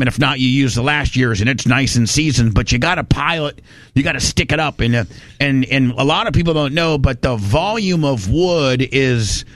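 A man's voice: mid-range voice, no room sound. A man from Indiana, telling a rambling, folksy story in casual chat. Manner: rambling, folksy, animated when quoting people.

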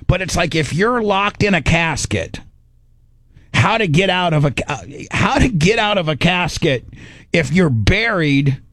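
Animated middle-aged male radio storyteller. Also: high-pitched, measured pace, no room sound. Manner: animated storyteller, acts out his own panicked inner voice. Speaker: radio host. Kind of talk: casual on-air storytelling.

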